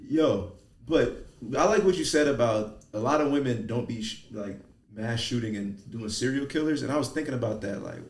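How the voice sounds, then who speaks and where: Male cohost, lively pitch, roomy echo, set back from the mic. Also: moderate pace, recorded from a distance. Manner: animated, swears freely. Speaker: podcast cohost. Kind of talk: casual chat.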